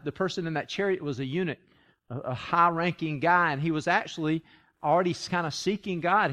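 A man's voice: a little high, a bit bright. A man preaching a sermon in a conversational storytelling way, stumbling and restarting, then building to emphatic repetition. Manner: frequent restarts and stammers. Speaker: pastor.

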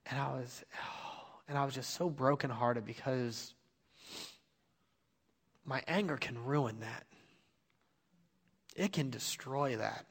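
A man's voice: medium pitch, slow, pauses often, slightly rough. A man in his thirties giving an earnest, confessional sermon, telling a personal story and urging listeners. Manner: earnest, confessional, rising to emphatic exhortation. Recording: long hall reverb.

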